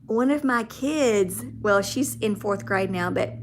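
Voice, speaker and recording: A woman's voice: medium pitch, slow pace, hardly any pauses, slight background noise. A woman with a Southern US accent, hosting a casual livestream and chatting with viewers by name. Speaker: livestream host. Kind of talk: casual livestream chat reading viewer comments.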